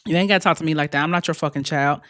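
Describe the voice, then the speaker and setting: A woman's voice: sits low, racing, fairly bright tone, no room sound, studio quality. A woman hosting her own podcast, telling a personal story in a frank, profane way, laughing often and speaking straight to her listeners. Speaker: podcast host. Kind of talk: candid storytelling monologue.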